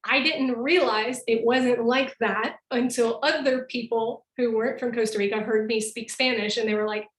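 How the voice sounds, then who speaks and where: A woman's voice: a little high, steady tone, moderate pace, echoey room, poor audio. A woman giving a casual online presentation from where she lives, explaining with examples and laughing often. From North America. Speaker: presenter living in Costa Rica.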